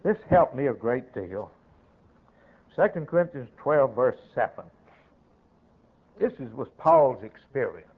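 Male pastor, deliberate sermon delivery, emphatic with sharp loud-soft swings, narrow phone-like sound. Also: mid-range voice, very animated. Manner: emphatic, swings between loud declarations and quiet asides. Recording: tinny, narrow-band old sermon recording.

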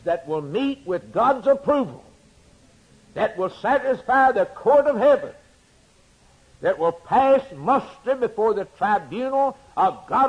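A man preaching a sermon, swinging between loud emphatic declarations and hushed, quiet asides. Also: high voice, slightly rough, highs cut off.

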